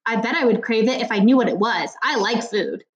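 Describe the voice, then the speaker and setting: A woman reading a young schoolboy's lines in an audiobook, making him quiet, hesitant and eager to please. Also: a little high, brisk, highs cut off, close to an everyday voice. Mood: timid.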